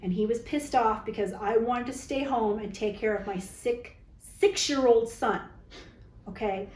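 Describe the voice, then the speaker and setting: A woman's voice: on the high side, a little mellow, echoey room, low-quality recording. A woman vlogger telling a personal story to camera in a candid, dramatic, chatty way, often tagging her lines with "okay?". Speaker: vlogger telling dating stories.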